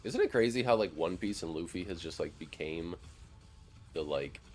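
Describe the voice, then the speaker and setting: Over soft background music, a young man with a deep, slightly mellow voice talks at normal speed with lively intonation. He's from near Madison, Wisconsin, streaming a game and casually chatting with viewers, rambling and swearing with many "like" fillers.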